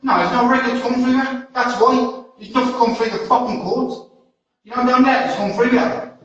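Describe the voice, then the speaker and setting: An agitated British man who swears constantly, shouting and protesting while being detained. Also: very high voice, fairly even intonation, moderate pace. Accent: British English. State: agitated and distressed. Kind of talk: heated street argument. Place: stairwell of a block of flats. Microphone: doorbell camera from a distance. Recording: distant, echoey, muffled doorbell audio.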